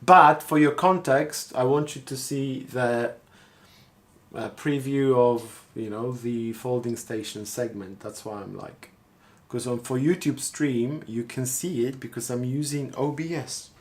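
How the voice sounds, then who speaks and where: A man's voice: medium pitch, steady tone, unhurried. A man talking casually on a live stream, thinking aloud and rambling as he repeats himself. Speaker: street artist streaming live.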